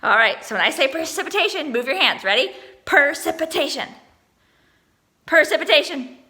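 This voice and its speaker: A woman teaching an online lesson to young children, encouraging them and sounding out words slowly. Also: sits high, very animated, bright, forceful tone.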